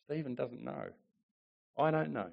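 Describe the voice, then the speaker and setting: A male pastor preaching a sermon with emphatic repetition, swinging between rising declarations and quiet asides. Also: medium pitch, unhurried, creaky, muffled recording. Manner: emphatic preaching, repeats phrases, rises and drops in volume.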